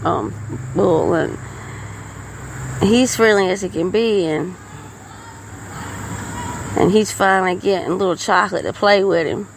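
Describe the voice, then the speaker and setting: Slow, gravelly woman rambling. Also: medium pitch, a little hiss or hum, rough recording. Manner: rambling, folksy, with frequent restarts. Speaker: podcast host. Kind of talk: casual storytelling monologue.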